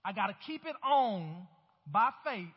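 High-voiced male pastor preaching. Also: very animated, a little slow, slightly rough, in a large hall. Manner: preaching with emphatic rises and calls to the congregation. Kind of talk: sermon. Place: church sanctuary. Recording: dull, hollow-sounding church recording.

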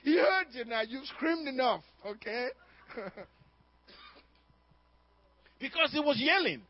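With a very high-pitched voice, a man preaches slowly yet animatedly, peppering his congregation with emphatic questions and occasionally laughing. The recording is dry, dull and lo-fi.

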